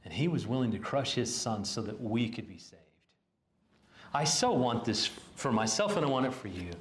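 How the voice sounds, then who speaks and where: A pastor delivering a sermon in an earnest, halting way, often restarting phrases. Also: male voice, medium pitch, sing-song, roomy sound.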